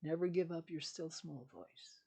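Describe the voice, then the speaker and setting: A woman's voice: low-pitched, a little slow, vocal fry, mellow, husky. An older woman, a spiritual teacher, giving an emphatic, repetitive teaching monologue.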